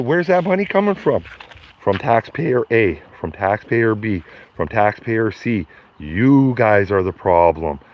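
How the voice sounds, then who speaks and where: A man rants into his phone outdoors, heated and profane, circling back to the same points again and again. His middle-pitched voice comes through a slightly dull, lo-fi stream. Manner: heated, profane, repetitive ranting. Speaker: vlogger streaming to viewers. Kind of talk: ranting live stream.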